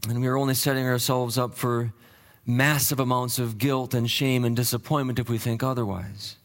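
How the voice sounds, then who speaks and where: A male pastor preaching a sermon, teaching earnestly with frequent restarts and fillers, dropping low and slow to stress key points. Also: flat delivery. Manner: drops low and slow for emphasis.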